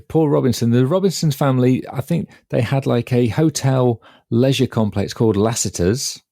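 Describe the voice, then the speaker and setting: A man's voice: medium pitch, moderate pace, vocal fry, dark tone, dry recording, clean studio sound. A middle-aged man co-hosting a podcast, reminiscing in a chatty, wry way. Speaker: podcast co-host. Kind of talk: casual chat.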